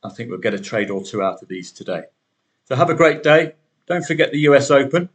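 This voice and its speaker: A man's voice: mid-range voice, animated, fairly quick. Chatty man hosting a betting podcast. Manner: chatty, wry asides. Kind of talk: solo podcast commentary.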